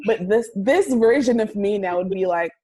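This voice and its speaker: A woman's voice: medium pitch, normal speed, dark tone. A woman hosting a casual chat, playful and curious, asking eager questions. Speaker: host.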